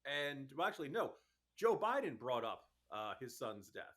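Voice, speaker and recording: A man speaking as a commentator guest on a talk radio interview, arguing his case in a fast, exasperated, emphatic way. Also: mid-range voice, very animated, a bit bright.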